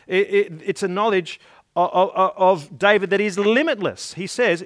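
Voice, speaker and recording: A man's voice: sits high, moderate pace. A man preaching a sermon, earnest and emphatic, reading scripture aloud and repeating words as he builds his points. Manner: reads scripture and stories aloud.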